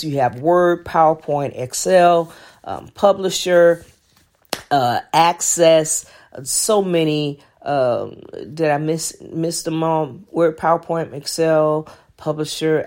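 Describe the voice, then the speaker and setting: A woman's voice: sits low, a little mellow. A middle-aged woman pastor giving an emphatic devotional message and church announcements, with fillers and repeated phrases.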